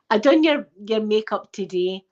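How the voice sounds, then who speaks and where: A middle-aged Scottish woman talks straight to her viewers in a chatty, heartfelt way, close to tears and a little short of breath. Her voice sits at an ordinary middle pitch. The recording sounds dull and lo-fi. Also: gravelly, noisy background. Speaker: ASMR channel host. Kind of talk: casual heartfelt chat to viewers.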